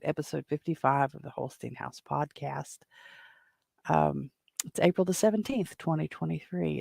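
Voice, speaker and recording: Woman, tired solo podcast host, gravelly edge, chatty and meandering. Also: low-pitched, a little mellow, no room sound, clean studio sound. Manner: rambling, chatty, lots of restarts and fillers. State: tired, yawning. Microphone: home microphone.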